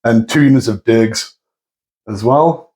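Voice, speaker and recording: A man chatting casually as co-host of a tabletop gaming show. His voice sits at an ordinary mid pitch. He rambles easily and corrects himself as he goes. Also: slow pace, darkish tone, rough recording. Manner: easygoing, rambling, self-correcting. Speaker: co-host of a tabletop wargaming channel. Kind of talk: casual chat.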